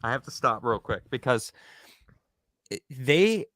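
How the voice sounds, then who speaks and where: A man's voice: mid-range voice, very animated, measured pace, fairly bright tone, no room sound, studio quality. A man hosting a commentary talk show, ranting heatedly with many restarts. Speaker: host. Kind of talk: casual commentary chat.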